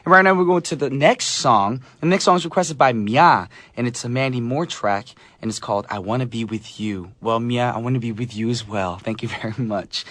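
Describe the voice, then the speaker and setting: A man's voice: mid-range voice, a little fast, hardly any pauses, fairly bright tone, no room sound. A man hosting a casual radio show in a studio, upbeat and jokey, reading out listener messages and chatting with his guest. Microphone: studio microphone.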